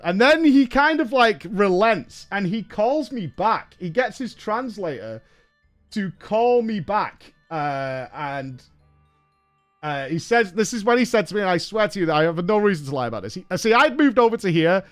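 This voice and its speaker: A man hosting a casual stream chat, telling an animated story with laughs and casual swearing. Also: high-pitched, unhurried, clear, resonant tone, faint music behind. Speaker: streamer host.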